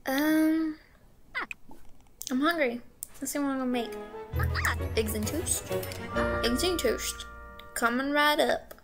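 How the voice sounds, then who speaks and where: A woman's voice: sits high, slow pace, pauses often, music in the background. A young woman casually commenting on her gameplay, playful and giggly, humming and singing little tunes to herself.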